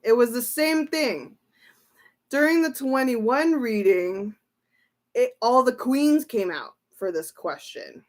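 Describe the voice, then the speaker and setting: On a casual livestream, a woman reads tarot cards, excitable and exclaiming, often repeating herself. Her voice sits on the high side, and she takes it slowly.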